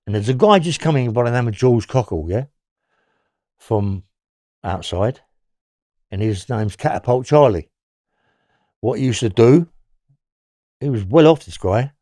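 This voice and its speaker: A man's voice: mid-range voice, dark tone, no room sound, clean studio sound. An older man with a London accent, bluntly recounting old prison stories in a rambling, profane way. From England. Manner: rambling, blunt, swears freely. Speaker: interview guest.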